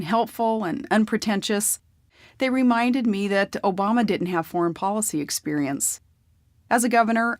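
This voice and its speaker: A woman's voice: mid-range voice, dry recording. A woman narrating a memoir audiobook in a plain, conversational storytelling manner.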